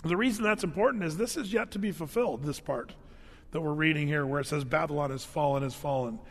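A man's voice: on the high side, fast, fairly bright tone, big-room sound. A man preaching a sermon as a pastor, telling stories in a casual, joking, conversational way full of "um" and "you know". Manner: casual, conversational, humorous storytelling; frequent fillers and restarts.

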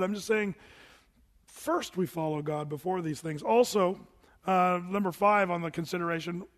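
A man in his sixties preaching a sermon in a conversational, animated way, breaking into mimicked voices to make his points. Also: sits high. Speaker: pastor. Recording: long hall reverb.

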